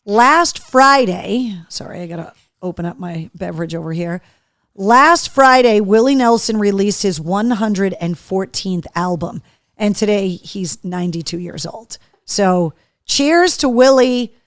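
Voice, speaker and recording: A woman's voice: medium pitch, expressive, a little slow, no echo, clean studio sound. A middle-aged woman from Massachusetts hosting a live show in casual chat, reading viewer comments aloud and talking freely. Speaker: host.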